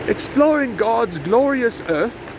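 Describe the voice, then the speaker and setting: A man putting on a grandiose mock-British explorer voice, speaking slowly and theatrically. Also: very high voice, expressive, pitched above the performer's own voice, full character voice. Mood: pompous. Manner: slow, lofty and theatrical. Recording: noisy outdoor sound.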